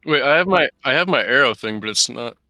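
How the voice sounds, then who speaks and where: A man's voice: mid-range voice, expressive, a little fast, sharp tone, no room sound. A man playing a tabletop game, thinking aloud and unsure. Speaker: player. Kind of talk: casual game chat.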